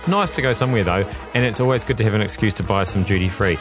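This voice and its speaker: A man's voice: lowish voice, fast, over music. A man, co-hosting a radio show in a dry, self-deprecating chat. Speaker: radio co-host and news presenter. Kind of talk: casual radio banter. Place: radio studio. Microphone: close studio microphone.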